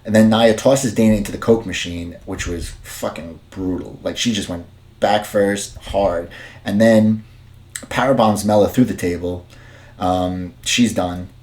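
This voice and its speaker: A man's voice: sits low, fairly even intonation, a little slow, darkish tone. A man casually recapping and reviewing a show as a podcast host, rambling with many fillers and restarts. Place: dim room at home.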